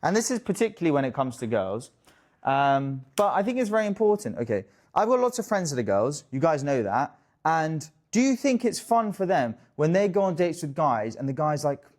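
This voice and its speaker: A young man talking straight to camera as a dating coach, casual and jokey, swearing freely and tossing in quick asides. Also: fairly high pitch, big pitch swings, a little mellow. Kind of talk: direct-to-camera coaching talk.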